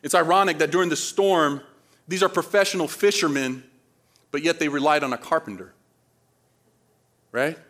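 A man preaching a sermon, animated, acting out panicked voices and asking the audience questions, swinging from loud to quiet. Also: fairly high pitch, moderate pace, long pauses. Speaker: pastor.

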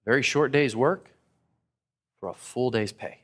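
A man from Texas, preaching a sermon and acting out people's thoughts in a casual, animated way. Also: medium pitch, slow, long pauses. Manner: animated, acts out listeners' thoughts in casual paraphrase. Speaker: pastor.

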